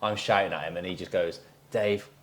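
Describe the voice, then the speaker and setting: A man's voice: sits low, fairly even intonation, fast, fairly bright tone. A man co-hosting a podcast in a pub back room, a former footballer in easygoing banter. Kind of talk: casual chat.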